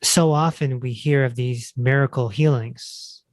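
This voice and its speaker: Man, podcast host, mid pitch, dry sound, easygoing. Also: fairly even intonation, measured pace, no room sound. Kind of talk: casual podcast conversation.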